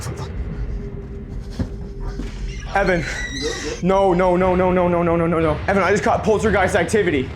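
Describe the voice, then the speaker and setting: A young man vlogging alone in an old house at night, addressing spirits quietly and shrieking and swearing when startled, hoarse from screaming. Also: high voice, fairly even intonation, normal speed, pauses often, over music. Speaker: ghost-hunting vlogger. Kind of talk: excited paranormal vlog.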